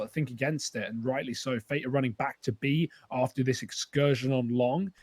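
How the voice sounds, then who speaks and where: A man's voice: medium pitch, darkish tone, breathy edge. A man giving analytical color commentary on an esports match, talking through stats and strategy with frequent fillers.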